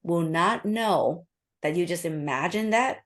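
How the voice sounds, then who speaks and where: A woman being interviewed as an author and nurse practitioner, explaining a calming method in a quick, earnest, instructive way. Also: lowish voice. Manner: acts out inner voices in quoted asides.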